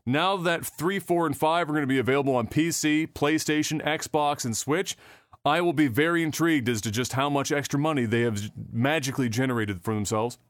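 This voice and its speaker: On a casual gaming news podcast, a male host with a slightly high voice talks fairly quickly, full of sarcasm and casual swearing. He uses plenty of fillers and keeps restarting sentences. The audio is dry and clean, recorded in a studio.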